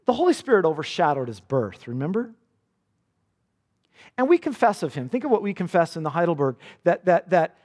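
A man's voice: high-pitched, sing-song, moderate pace, a little mellow. Man preaching in an echoing hall. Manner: earnest preaching, quoting Jesus in a dramatic voice. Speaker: pastor. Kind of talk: sermon.

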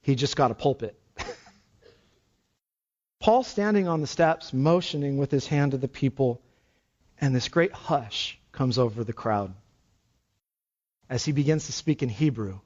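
A man preaching a sermon, swinging between loud exclamations and hushed low passages. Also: lively intonation, unhurried, pauses often, muffled recording. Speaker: pastor.

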